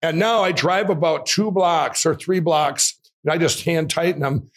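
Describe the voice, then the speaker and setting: Man, interview guest, rambling animated storyteller, fairly high voice, laughing often. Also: normal speed. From Minnesota. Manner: rambling, excitable, often laughing while telling.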